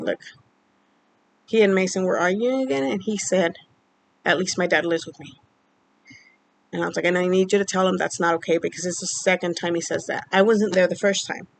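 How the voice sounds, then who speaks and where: A woman vlogger casually telling a personal story, rambling and halting with many fillers, sounding upset and emotional. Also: on the low side, creaky, a little hiss or hum, poor audio. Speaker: vlogger keeping a mood journal.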